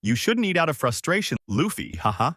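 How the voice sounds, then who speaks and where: A man voicing a laid-back adult pirate captain who talks casually and breaks into shouting. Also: on the high side, very animated, brisk, no room sound, clean studio sound, voice pushed up, heavily acted. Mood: easygoing.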